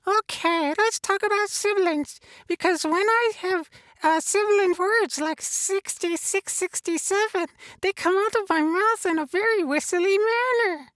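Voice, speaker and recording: A man voicing a childlike red monster puppet in a high squeaky falsetto, talking about himself in the third person and slipping in crude insults. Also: unhurried, a bit bright, no echo. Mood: cheeky. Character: small furry red monster puppet, childlike yet foul-mouthed. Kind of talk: comedic puppet impression in a tutorial.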